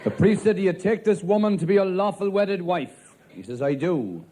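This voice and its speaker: An Irish man with a raised, high-set voice spins deadpan stand-up yarns as a village policeman. Light laughter and faint room noise sit behind him on the live recording. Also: a crowd in the background. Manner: deadpan storytelling, rapid one-liners in character as a policeman. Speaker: stand-up comedian. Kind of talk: live stand-up joke-telling.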